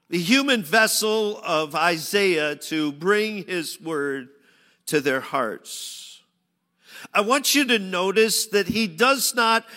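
A man preaching a sermon, shifting from loud pleading cries to hushed, low phrases. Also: big-room sound. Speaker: pastor.

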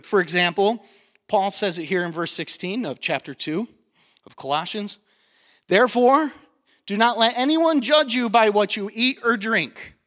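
A man preaching a sermon as pastor in a church, animated and jokey, telling stories to the congregation. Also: sits high. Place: church sanctuary.

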